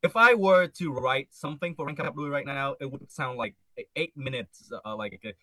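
A man's voice: medium pitch, moderate pace, sharp tone, dry recording. A man, a band member, talking hesitantly in an interview, packing in "like" and trailing off. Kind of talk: casual interview chat.

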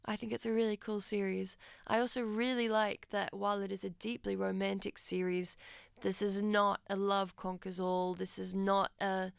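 A woman's voice: medium pitch, little pitch movement, normal speed, creaky, smooth, no room sound. Woman, radio host, earnest film chat, dry close studio sound. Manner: earnest, reflective, heartfelt. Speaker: radio presenter.

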